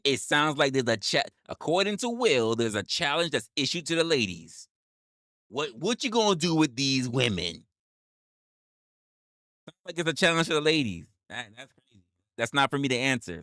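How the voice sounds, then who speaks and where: Animated man reacting to stream chat. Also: mid-range voice, moderate pace, no room sound, clean studio sound. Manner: reacts loudly to chat, swears, repeats himself, laughs often. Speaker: livestream host reading chat. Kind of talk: casual livestream chat.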